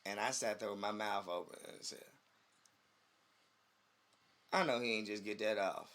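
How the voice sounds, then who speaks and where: Animated man telling wrestling stories. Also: lowish voice, a little fast. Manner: animated storytelling, acts out quotes. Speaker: podcast co-host. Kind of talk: casual chat.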